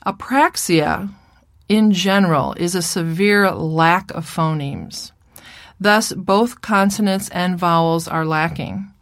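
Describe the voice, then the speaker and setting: Middle-aged woman therapist, low voice, dry close sound; measured clinical lecture, demonstrates sounds slowly. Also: no room sound. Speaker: speech-language therapist. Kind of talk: recorded lecture with slides.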